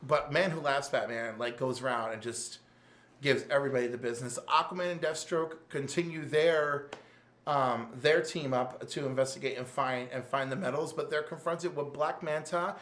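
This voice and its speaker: A man hosting a casual podcast, excitedly recapping a comic storyline with lots of filler words. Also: mid-range voice, moderate pace. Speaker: podcast host reviewing comics. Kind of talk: casual chat. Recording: roomy echo.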